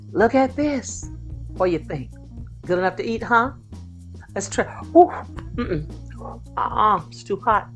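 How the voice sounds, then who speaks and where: Woman cooking at home and gushing over the dish, folksy and chatty, mid-pitch voice, faint music behind. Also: sing-song, measured pace, long pauses. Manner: warm folksy enthusiasm, exclaiming over the food. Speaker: cooking channel host. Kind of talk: casual cooking video chat. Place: home kitchen.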